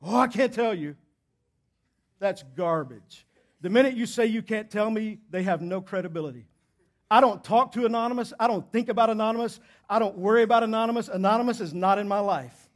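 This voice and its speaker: A man with a high voice preaches fast from a church pulpit. He drives his points home by repeating them, shifting between loud and soft delivery.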